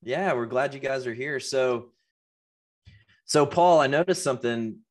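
A man of middling pitch co-hosts a relaxed podcast. He banters and teases in a playful, conversational way. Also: unhurried. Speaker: podcast co-host. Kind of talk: casual podcast chat.

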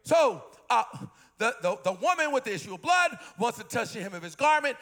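A man in his fifties preaching a sermon in church, impassioned, repeating refrains and rising to shouted peaks. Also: extremely high pitch, sing-song, a little fast. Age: 50s. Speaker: pastor.

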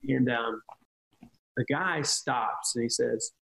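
A man's voice: mid-range voice, takes it slowly, creaky, fairly bright tone, poor audio. A man talking casually on a podcast, telling earnest stories about ministry with frequent restarts. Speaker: ministry leader.

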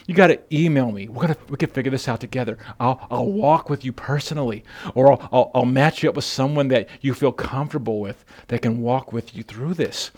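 A man preaching a sermon as pastor, speaking straight to the listener, often repeating words and building to loud, passionate appeals. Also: medium pitch, brisk. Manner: speaks directly to the listener as brother.

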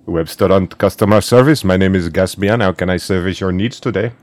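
A man puts on an overly polite male call-center agent with a low voice. He speaks in stiff, formal phone manners. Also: a little fast, a little mellow, no echo, soft background music, lightly acted.

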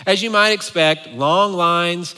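A man preaching a sermon as pastor, a playful, animated storyteller speaking to his congregation in a church. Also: sits high, takes it slowly, smooth, long reverb tail.

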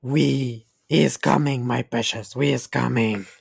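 A man voicing a wretched, obsessive creature in a low, breathy whisper, dragging out each word slowly. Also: fairly even intonation, no room sound, studio quality, exaggerated voice. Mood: gloating.

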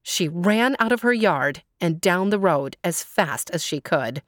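A woman storyteller narrating a folktale in a clear, measured way. Her voice sits low. The recording is close and dry. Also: animated, dry recording.

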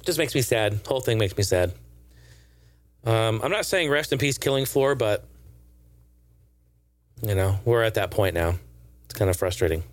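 A man's voice: medium pitch, fairly bright tone, no room sound. A man giving casual, profane and sarcastic gaming news commentary in a rambling way.

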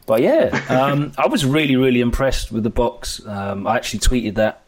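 A young man hosting a laid-back podcast, his voice sitting in an ordinary middle range. He talks in a relaxed, chatty way, full of ums and uhs, as he steers the conversation. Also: mid-range voice, moderate pace. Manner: relaxed, chatty, frequent filler words. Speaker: podcast host. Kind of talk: casual podcast chat.

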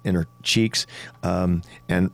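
Deep-voiced man rambling about singing. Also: fairly even intonation, slow pace, vocal fry, dry recording. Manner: rambling, full of restarts, demonstrates vocal tricks. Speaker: rock singer and studio vocalist. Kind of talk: casual podcast chat.

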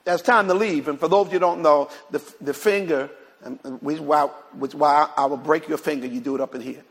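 A preacher tells a story to his congregation, stumbling through repeated words. His voice sits high and gravelly, with a husky edge. It rings out in a church with a long, trailing reverb. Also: a little fast. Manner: retells a conversation in many quoted lines, repeats words, speaks to the congregation. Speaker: pastor. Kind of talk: sermon storytelling. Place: church sanctuary.

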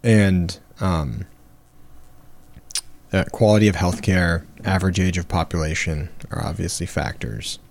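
A man co-hosting a casual chat, reading out statistics in a relaxed, hesitant way. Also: sits low, unhurried.

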